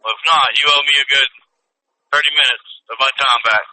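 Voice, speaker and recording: A man's voice: medium pitch, fairly even intonation, a little fast, sharp tone. A man co-hosting a podcast over a phone call, teasing his friend in a dry, mock-serious way. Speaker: podcast co-host. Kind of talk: casual phone call chat.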